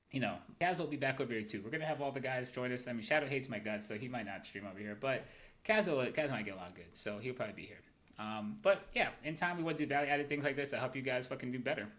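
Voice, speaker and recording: A man's voice: medium pitch, fairly bright tone, rough recording. A man hosting a livestream, talking through market charts in a loose, profane way and tagging "right?" onto his points. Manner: fast, profane, wandering talk full of "right?". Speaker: livestream host running a crypto trading show. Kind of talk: casual livestream chart commentary.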